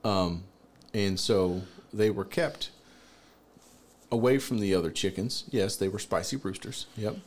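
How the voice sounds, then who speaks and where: A man co-hosting a podcast in casual chat, playful and quick to laugh. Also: fairly low pitch, a little mellow. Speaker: podcast co-host.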